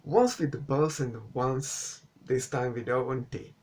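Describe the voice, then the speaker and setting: A man's voice: medium pitch, takes it slowly, darkish tone. A man whose first language is not English, giving a casual, sarcastic spoken movie review and swearing now and then. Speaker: film reviewer.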